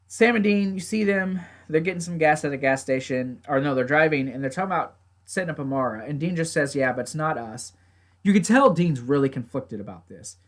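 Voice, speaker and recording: Casting note: man, higher-pitched voice, loose and rambling TV recapper who swears here and there. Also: expressive, a little fast. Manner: rambling, swears, talks to his mic. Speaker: TV show reviewer. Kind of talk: casual recap.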